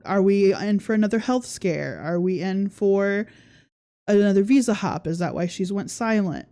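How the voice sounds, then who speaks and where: A woman's voice: mid-range voice, normal speed, warm tone. A woman hosting a casual livestream podcast, commenting sarcastically and often laughing as she talks and reads viewer comments. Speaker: podcast host.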